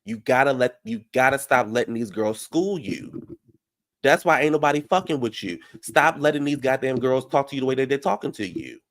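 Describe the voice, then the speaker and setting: A man giving brash, profane reality TV recap commentary, heated and animated. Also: medium pitch, brisk.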